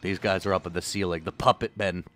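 A man's voice: sits low, steady tone, fast talker, a bit bright. A man streaming a game, rambling and joking with his chat between moves. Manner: rambling, jokey, chats with viewers. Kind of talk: casual gameplay commentary.

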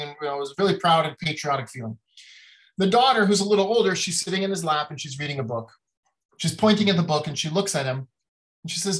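A man's voice: fairly high pitch, fast talker, fairly bright tone, rough recording. A man giving a casual academic lecture on design history, talking in a chatty way with many fillers and little acted-out quotes.

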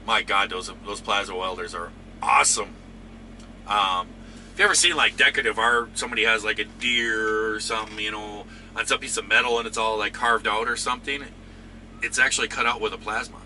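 A man hosting a trucking channel who rambles easygoingly through viewer comments. His voice sits a bit low but comes across sharp and bright. A faint engine hum runs behind him in the cab. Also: steady tone, fairly quick. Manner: rambling, easygoing, lots of fillers. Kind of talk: casual chat reading viewer comments.

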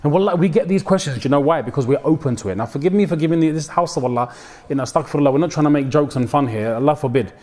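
A young man delivers a mosque sermon. His voice sits a little high and he keeps it conversational, mixing slang into the preaching. He acts out the people he quotes. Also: rapid-fire, a little mellow. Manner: code-switches with slang, dramatic quoted voices. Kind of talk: mosque talk.

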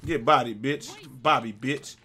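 A young man giving casual gameplay commentary with friends, joking, swearing a lot and breaking into loud yells when the action picks up. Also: medium pitch, unhurried, a little hiss or hum. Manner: swears a lot and breaks into yelling mid-game; jokey, trash-talking banter. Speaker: gaming commentator.

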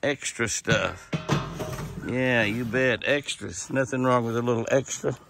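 Gravelly rancher. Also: male voice, medium pitch, fairly even intonation, a little slow, music in the background. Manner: chatty, talks to the animals while feeding them. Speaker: ranch owner. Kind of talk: casual vlog narration. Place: outdoors on a ranch.

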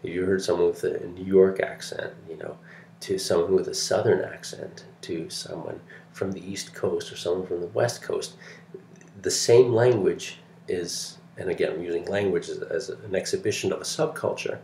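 A man's voice: low voice, steady tone, normal speed, dark tone, slight background noise. A middle-aged man from Canada giving a recorded lecture in a chatty, digressive way, full of fillers and restarts.

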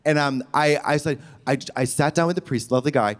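A man's voice: fairly high pitch, steady tone, fast talker, hardly any pauses. A man co-hosting a live stage comedy show, talking in a breathless, meandering, theatrical way. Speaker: comedy podcast co-host.

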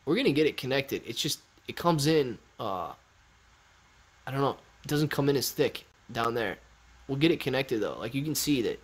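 A young man hosting a casual live stream, reading viewer chat aloud and joking around in a loose, animated way. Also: medium pitch, normal speed. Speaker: livestream host.

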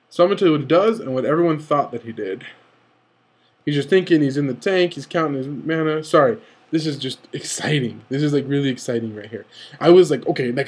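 Slightly high and husky, a young man's voice runs through excited analysis of a recorded card game. His commentary is eager and rambling, with frequent rushing, self-corrections, and restarted sentences.

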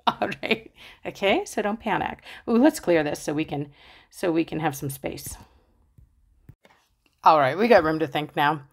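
A woman's voice: lowish voice, normal speed, long pauses. A woman teaching a math lesson, chatty and playful, talking straight to her students and acting out their questions. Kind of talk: casual explaining math lesson.

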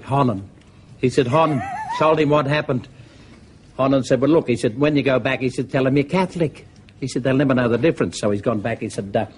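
A man's voice: medium pitch, breathy edge. A man with an Australian accent, a comedian telling jokes in an easygoing yarn-spinning way, full of "he said". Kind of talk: stand-up joke telling.

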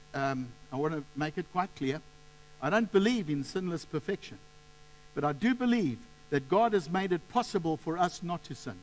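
A man's voice: high-pitched, rough recording. A male preacher giving a sermon, telling stories with passion and stumbling over repeated words. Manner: impassioned storytelling with many repeated words.

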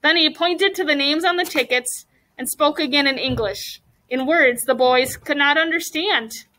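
A woman teacher reading a chapter book aloud to her class, animated and stopping to ask the children questions. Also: high-pitched, moderate pace, rough recording.

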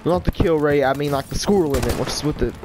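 A man's voice: on the high side, quick pace, background noise. A man giving rambling, frustrated gameplay commentary in a whiny tone. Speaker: gaming YouTuber.

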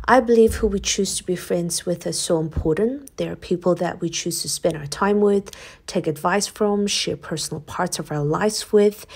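A woman's voice: on the low side, slightly rough. A young woman vlogger talking casually to her viewers, earnest and encouraging, laughing often. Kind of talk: casual vlog talk to camera.

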